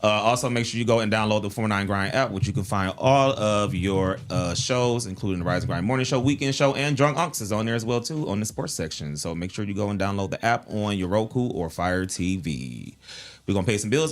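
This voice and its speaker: A man's voice: fairly low pitch, a little fast. A young man co-hosting a morning talk show from a studio, speaking openly and conversationally with lots of fillers. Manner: open, conversational, trailing fillers. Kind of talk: casual candid talk. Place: podcast studio.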